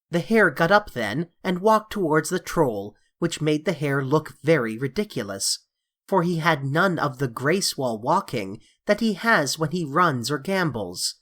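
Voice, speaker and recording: A reader with a mid-range voice narrates a classic fantasy novel at a measured, even pace. The delivery is steady and descriptive, in the style of a full-length audiobook. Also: mid-range voice.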